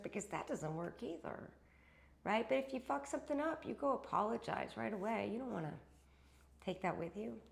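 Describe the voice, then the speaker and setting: A woman's voice: a little high, creaky. A woman talking to her viewers in a heartfelt spiritual monologue, swearing freely and often dropping into whispers, saying she is losing her voice. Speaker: spiritual channel host.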